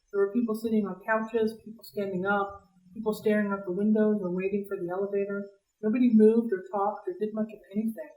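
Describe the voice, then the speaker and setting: A woman reading a novel aloud for a library read-along, in a lively, expressive way. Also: medium pitch. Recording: roomy, distant mic.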